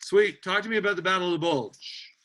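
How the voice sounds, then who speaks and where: An animated male teacher lectures on history in a casual classroom style, joking and restarting his sentences often. His voice is high for a man and bright. He keeps the class engaged with quick asides.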